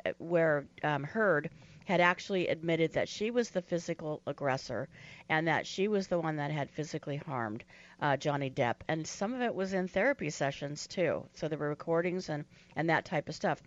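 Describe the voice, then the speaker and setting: A woman on a panel walking through a legal case at a steady pace, with frequent fillers. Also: low-pitched, moderate pace, dull audio. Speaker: legal commentator.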